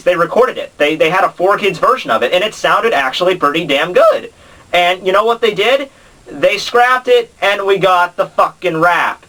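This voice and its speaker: A man's voice: sits high, a bit bright, distant mic, low-quality recording. A man hosting a casual anime commentary, ranting in an exasperated, sarcastic way full of fillers.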